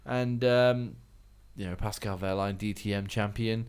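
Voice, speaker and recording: Brief: male podcast co-host, lowish voice, easygoing banter that turns loud when excited. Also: unhurried, smooth. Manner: chatty, laughs often, gets loud when excited. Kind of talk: casual chat.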